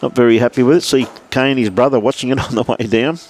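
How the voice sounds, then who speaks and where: An Australian man calls a lawn bowls match from indoors behind a window. His talk is chatty and matey, and he keeps breaking off to greet viewers by name. His voice sits at an ordinary middle pitch. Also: fairly even intonation, fast talker, darkish tone. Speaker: lawn bowls livestream commentator. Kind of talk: live sports commentary with viewer shout-outs. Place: indoors behind a glass window beside the green.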